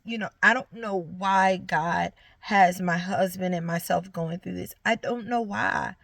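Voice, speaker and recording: A woman's voice: mid-range voice, no room sound. A young woman, giving an earnest, encouraging faith testimony straight to her viewers. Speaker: vlogger sharing her story. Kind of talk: heartfelt faith testimony to camera.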